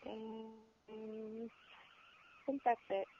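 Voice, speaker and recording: A woman guest on a casual podcast, a model, giving brief unhurried replies. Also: on the high side, completely flat delivery, noisy background. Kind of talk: casual interview chat. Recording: dull lo-fi audio.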